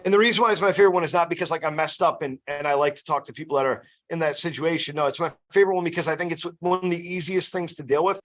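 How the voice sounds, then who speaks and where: A man's voice: fairly high pitch, fairly even intonation, very fast, hardly any pauses, a bit bright. A man running a casual sales training session, chatty and loose, often checking in with "you know" and "right?". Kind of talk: casual team training talk.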